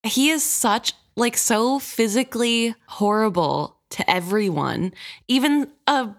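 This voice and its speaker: A woman co-hosting a book podcast, chatting about the story in a lively, opinionated way. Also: a little high, slow. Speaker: podcast co-host.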